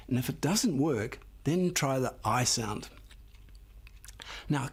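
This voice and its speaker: An older man gives a phonics lesson with a slightly husky voice, drawing out each word slowly for young learners. His pitch rises and falls in a lively, encouraging way. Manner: patient, encouraging, sounds out words one by one. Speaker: phonics teacher. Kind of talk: slow classroom phonics lesson.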